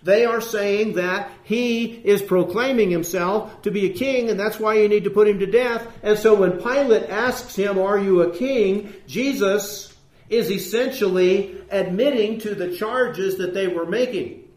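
Male preacher, emphatic sermon delivery, a touch high, echoey space. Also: measured pace, darkish tone. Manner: earnest, emphatic, rising on key points. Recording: roomy echo.

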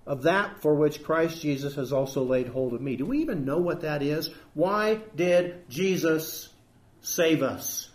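A man's voice: fairly high pitch, expressive, slow pace. A male pastor preaching a sermon, quoting scripture with emphasis and asking the congregation rhetorical questions.

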